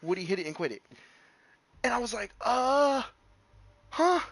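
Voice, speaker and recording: A man's voice: sits high, lively intonation, quick pace, vocal fry, a bit bright, breathy edge, no room sound. A young man streaming, rambling through a personal story with lots of fillers and restarts. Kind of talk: casual storytelling.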